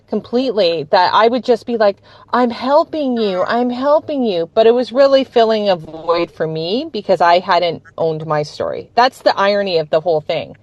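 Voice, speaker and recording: Woman podcast host, enthusiastic casual chat, bright up-and-down pitch, dull dry sound. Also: no room sound. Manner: enthusiastic, laughs often, acts out quoted voices. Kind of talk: casual conversation.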